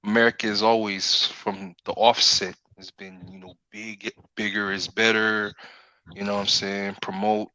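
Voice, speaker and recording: A man's voice: fairly low pitch, flat delivery, normal speed, pushed and bright, no echo, muffled recording. A man talking as a guest in a casual livestream chat, laid-back and peppering his points with "you know what I'm saying". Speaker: podcast guest.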